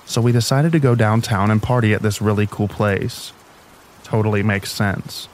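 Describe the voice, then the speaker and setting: A man with a fairly low voice reads a story in a soft, steady narrator's style. Rain falls in the background behind him. His delivery stays calm and even throughout. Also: moderate pace, slight background noise, low-quality recording. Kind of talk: calm scripted narration of sleep stories. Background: rain sounds.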